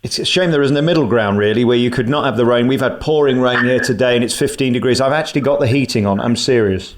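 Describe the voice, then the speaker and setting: A man's voice: medium pitch, fast, slight background noise. Effusive male radio interviewer. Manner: effusive, leading questions.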